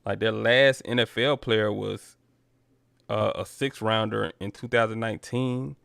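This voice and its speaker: A man hosts a relaxed sports chat in a gravelly voice that still carries smooth and resonant. He talks loosely, straight to his viewers, and calls them y'all. The sound is close and dry. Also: on the low side, unhurried, dry recording. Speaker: sports talk livestream host. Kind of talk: casual chat reading viewer comments.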